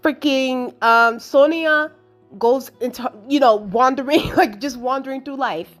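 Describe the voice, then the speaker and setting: Chatty, animated woman reviewing a film. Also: high voice, a little slow, soft background music. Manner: chatty and animated, full of fillers, asides and laughter; exasperated storytelling, acting out her own reactions. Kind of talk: casual spoken film review.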